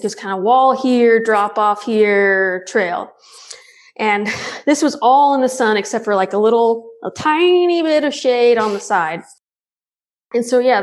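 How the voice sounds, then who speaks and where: A woman telling a story in a casual interview, laughing often and acting out her own shouting. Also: fairly high pitch. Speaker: guest.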